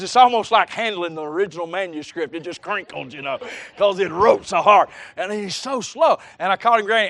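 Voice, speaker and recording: High-voiced folksy man teaching. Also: fairly bright tone, dry recording, studio quality. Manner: folksy, chatty, with colloquial grammar and asides. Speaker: workshop presenter and preacher. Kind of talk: teaching workshop with folksy storytelling.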